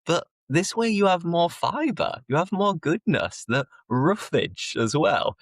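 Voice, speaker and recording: A man's voice: a little high, big pitch swings, measured pace, dry recording, studio quality. A man hosting a casual chat, laughing easily and turning to talk straight to his viewers. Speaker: host, English teacher.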